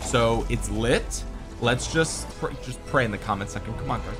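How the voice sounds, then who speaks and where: A man's voice: mid-range voice, moderate pace, over music. A young man giving gameplay commentary, with exasperated, joking rants at the game. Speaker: gaming content creator.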